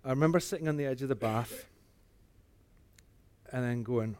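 A man telling a personal faith testimony, earnest, dropping to a hush and then rising again. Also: mid-range voice, moderate pace, slight background noise. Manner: earnest storytelling that swings between hushed and animated. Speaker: speaker giving a testimony.

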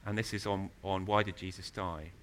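A man preaching a sermon in a church, telling stories with animated, loud emphasis. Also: low-pitched, moderate pace.

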